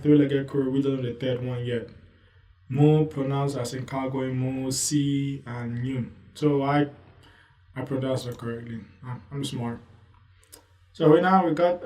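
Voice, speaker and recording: Casual male reviewer, mellow tone, loose asides, slightly distant mic. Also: medium pitch, steady tone, a little slow, roomy sound. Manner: rambling, loose, full of "you know" asides. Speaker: manga reviewer. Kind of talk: casual commentary.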